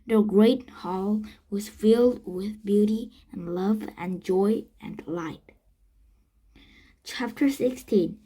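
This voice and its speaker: Brief: woman reader, slow and halting, storybook read-aloud with self-corrections. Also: medium pitch, warm tone, husky, rough recording. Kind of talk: reading a children's book aloud.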